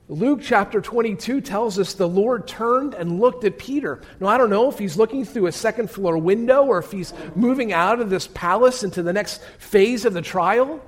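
A man preaching a sermon as pastor, telling the story dramatically and often dropping to a hushed voice, with direct questions to his listeners. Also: high voice, moderate pace, hardly any pauses.

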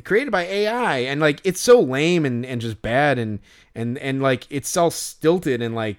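Smooth-voiced man chatting on a podcast. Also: mid-range voice, measured pace. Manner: rambling, acts out quoted voices. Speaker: podcast co-host. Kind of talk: casual chat.

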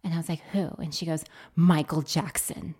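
Animated woman telling a story. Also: low-pitched, rapid-fire, breathy edge. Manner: animated, acts out quoted voices. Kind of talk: casual storytelling chat.

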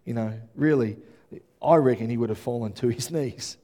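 An earnest man preaches a sermon with a mellow, dark, mid-range voice, unhurried and pausing often. Stumbling and repeating words along the way, he rises to loud, emphatic high points.

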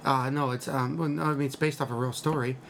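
A man with a steady, creaky mid-range voice talks fast while recapping a movie as a podcast co-host. The chat is casual and rambling, with laughter as he acts out quotes, over faint background noise.

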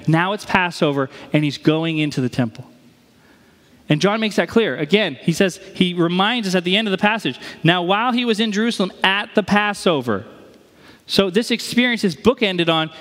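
A man's voice: high-pitched, fairly bright tone, big-room sound. A man preaching a sermon in a conversational way, posing rhetorical questions to his listeners. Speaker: pastor.

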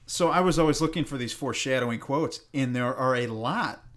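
A man with an ordinary, mid-pitched voice talks casually on a podcast. His delivery is dry and teasing. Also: fairly quick, a bit bright. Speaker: podcast co-host. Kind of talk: casual chat.

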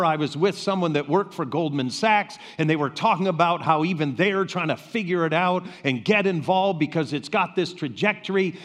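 A pastor delivers a sermon in a fairly high, lively voice that climbs and drops with emphasis. He pauses slowly and leans on rhetorical questions. The sound rings with the long reverb of a large hall.

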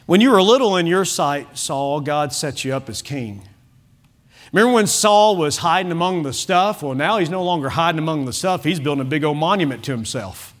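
A male pastor preaching an evening sermon, emphatic, with frequent restarts and softer asides. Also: a little high, lively intonation, a little fast. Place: church service.

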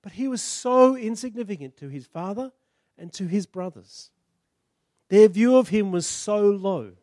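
A male preacher with a high-set voice retells a story with animated delivery. He swings between hushed asides and loud emphasis, acting out the people in it. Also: a little slow, no room sound, clean studio sound. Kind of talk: sermon.

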